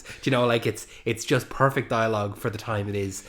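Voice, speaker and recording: A man's voice: fairly low pitch, fairly even intonation, a little fast, fairly bright tone. A man co-hosting a podcast, talking about a film in an enthusiastic, rambling way with many fillers. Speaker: podcast co-host. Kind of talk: casual film discussion.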